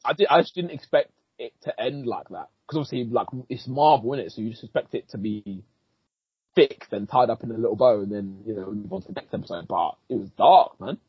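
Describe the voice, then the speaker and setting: A man, co-hosting a podcast and excitedly recapping an episode in slangy, sweary casual chat. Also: medium pitch, brisk, breathy edge, no room sound. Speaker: podcast co-host. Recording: dull lo-fi, dry.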